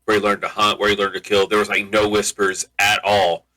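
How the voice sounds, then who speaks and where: A man's voice: on the low side, monotone, fairly quick, bright, forceful tone, rough recording. A man co-hosting a podcast, chatting casually, laughing easily and repeating words as he starts. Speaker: podcast co-host. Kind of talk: casual chat.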